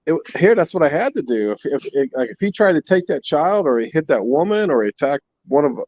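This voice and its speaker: A middle-aged father tells stories in a casual chat, his higher voice bouncing around as he stumbles over repeated words. The audio is dry and slightly muffled, like a remote call. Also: brisk, no echo. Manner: excitable, repeats himself, laughs a lot. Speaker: guest, host's father.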